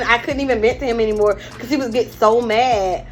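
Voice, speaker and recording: Interview guest, woman in her forties, candid storyteller, slightly high voice. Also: brisk, few pauses. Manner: candid storytelling, breaks into laughter retelling. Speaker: interview guest, firearms instructor. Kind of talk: casual interview.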